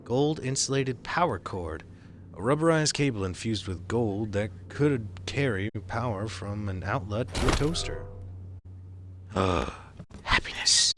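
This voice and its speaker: Excitable swearing male game streamer. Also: fairly low pitch, measured pace. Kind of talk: live gameplay commentary. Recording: noisy stream audio.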